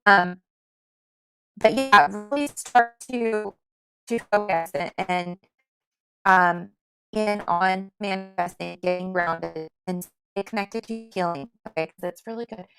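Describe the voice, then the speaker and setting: A woman's voice: medium pitch, slow, a bit bright, soft background music. A woman giving spiritual readings on a casual livestream, chatty and reassuring, who laughs often and speaks into a computer mic at home. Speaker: tarot reader on a livestream.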